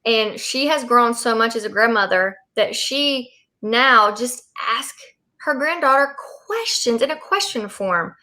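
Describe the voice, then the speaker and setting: A woman's voice: fairly high pitch, animated, unhurried, sharp tone. A woman hosting a casual parenting discussion, talking in a loose, rambling way with lots of fillers. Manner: rambling, many fillers and restarts. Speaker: host.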